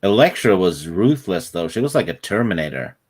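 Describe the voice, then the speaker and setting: A man's voice: low voice, sing-song, fairly quick, a little mellow, breathy edge. A man co-hosting a casual chat show, making dry, wry remarks. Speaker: podcast co-host.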